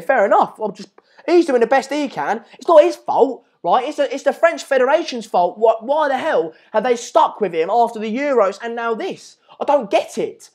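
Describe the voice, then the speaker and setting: A man's voice: very high-pitched, animated, normal speed, darkish tone. A man hosting a live football chat stream, ranting in an exasperated way and repeating himself. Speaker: live match chat host.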